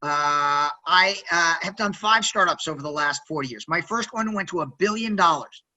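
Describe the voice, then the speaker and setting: A man in his sixties, a podcast guest telling stories in a loud, high-energy, quirky way, often tagging sentences with "right?". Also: normal speed, dull audio. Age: 60s. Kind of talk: energetic interview storytelling.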